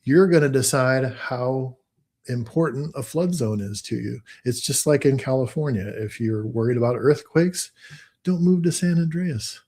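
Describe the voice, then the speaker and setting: A man's voice: medium pitch, moderate pace, dark tone. Easygoing Gen X man co-host. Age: 50s. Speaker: realtor podcast co-host. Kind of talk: casual chat.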